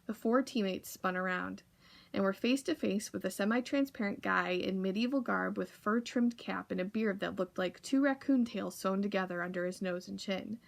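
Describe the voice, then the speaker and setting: A woman reading a children's novel aloud for a library storytime, in a calm, even manner. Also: mid-range voice, normal speed, vocal fry.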